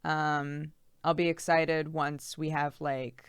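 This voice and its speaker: A woman's voice: deep voice, level tone, slow, clean tone, dry recording, clean studio sound. A pregnant young woman streamer chatting casually and reading out viewer messages, giggly and rambling with lots of fillers.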